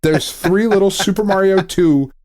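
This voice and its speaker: Animated, swearing podcast host, a man. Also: high-pitched, moderate pace. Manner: animated, swears a lot, laughs often, acts out quotes. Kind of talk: casual chat.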